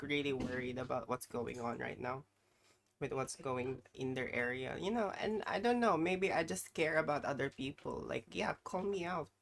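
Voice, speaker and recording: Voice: medium pitch, a bit bright. A live streamer chatting casually with their audience in a rambling, apologetic way while reacting to videos.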